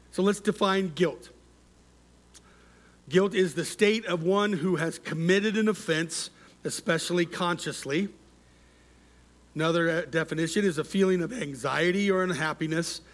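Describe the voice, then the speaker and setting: This pastor's voice sits on the high side as he preaches. He guides his congregation through call-and-response, with his phrase endings falling soft and quiet.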